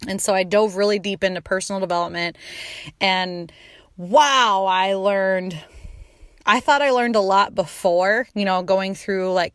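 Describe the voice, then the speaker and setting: A woman in her thirties talks through a personal story on her podcast, loose and conversational, with lots of filler words and casual swearing. She acts out what she said at the time with lively shifts in her delivery. Her voice sits at a middle pitch, and the recording is dry and close, with no room sound. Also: smooth, dry recording. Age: 30s. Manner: chatty, frequent "like" fillers, swearing; animated, acts out her own quoted lines. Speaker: podcast host.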